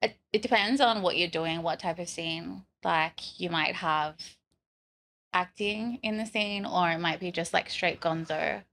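Young Australian woman, podcast guest, crisp bright tone, giggly and loose. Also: fairly low pitch, measured pace. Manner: giggly, loose, casual with fillers. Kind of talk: casual interview chat.

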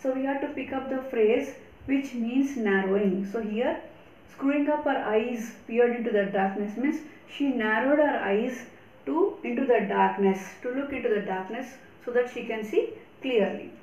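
A woman's voice: a little high, darkish tone, lo-fi sound. Woman teaching grammar in an echoey room. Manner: slow, deliberate explanations with repetition. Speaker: English teacher. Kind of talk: recorded grammar lesson.

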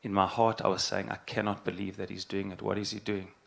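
Gravelly low-voiced middle-aged rabbi. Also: male voice, little pitch movement. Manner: earnest, halting, repeats phrases for emphasis. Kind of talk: reflective spoken address.

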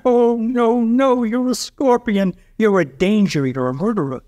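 Wary frog from a fable, high and jumpy, man doing the voice. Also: moderate pace, warm tone, lightly acted. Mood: alarmed.

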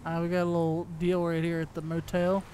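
A man's voice: a little high, completely flat delivery, a little fast, a little mellow, slight background noise. A man playing an arms dealer in a game roleplay, chatting casually with laid-back joking asides to his viewers. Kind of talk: casual gameplay commentary and in-character talk.

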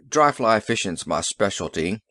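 Man voicing a gruff weary police sergeant, rueful, lively pitch, dry close sound, audiobook. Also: a little slow, no room sound. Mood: bitter. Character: weary middle-aged male Irish police sergeant. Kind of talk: audiobook character reading.

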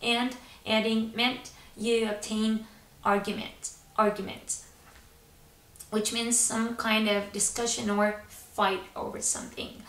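Slow, encouraging woman teaching words. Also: on the high side, level tone, a bit bright. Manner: encouraging, repeats each word slowly for learners. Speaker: English teacher. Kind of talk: vocabulary lesson with repeat-after-me drills. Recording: roomy echo, from a distance.

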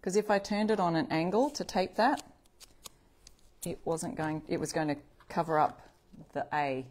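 With a fairly low, slightly mellow voice at a moderate pace, a woman hosts a live upcycling stream from her home craft space. She chats with viewers, reads their comments out, and corrects herself as she goes.

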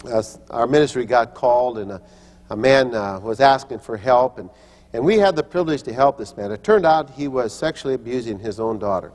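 A man's voice: medium pitch, fairly quick, a little mellow. Older man preaching in a reverberant hall. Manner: storytelling, acts out quoted voices, frequent restarts. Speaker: pastor and teacher. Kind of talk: sermon with personal stories.

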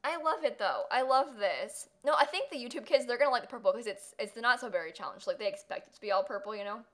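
A young woman livestreaming a game, her voice pitched a bit high and swooping all over as she coos and giggles. She talks casually to her viewers, gushing over everything on screen. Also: expressive, quick pace, fairly bright tone. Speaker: streamer. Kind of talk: casual livestream gameplay chat.

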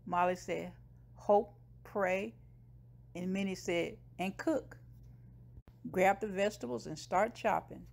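A woman's voice: mid-range voice, slow pace, gravelly, long pauses, darkish tone. A woman casually retelling a TV episode scene by scene, briefly voicing the characters' lines. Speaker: show recapper.

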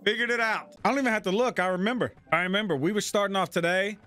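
Male let's play host, high bright voice, cusses and hollers at his friends. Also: fast. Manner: loud, profane, frequent shouting and laughter. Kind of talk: casual gaming commentary.

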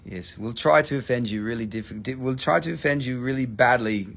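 A man's voice: mid-range voice, gravelly, a bit bright. A man casually hosting a live mineral sales stream, swearing and joking as he rambles. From Appalachian Valley, USA.

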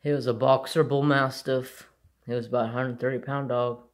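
A man who hosts a crafts channel, casually chatting and rambling about his dogs in an unhurried way. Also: mid-range voice, little pitch movement. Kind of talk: casual chat.

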